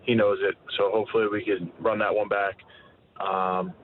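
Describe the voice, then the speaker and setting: A man in his thirties, a fighter being interviewed, talking candidly with halting restarts. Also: fairly low pitch, flat delivery. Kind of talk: casual interview answers. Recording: tinny phone line with faint noise.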